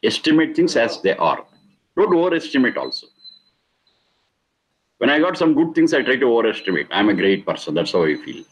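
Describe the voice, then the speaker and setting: A man's voice: medium pitch, sing-song, a little fast, long pauses, poor audio. A middle-aged man giving a spiritual discourse, stressing and repeating key words and explaining Sanskrit terms. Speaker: Vedic teacher.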